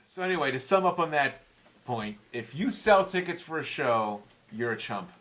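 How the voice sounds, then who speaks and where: A man's voice: medium pitch, lively intonation, normal speed, a bit bright. A man in his forties, a guest musician in a casual chat, telling stories with heated, profane language. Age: 40s.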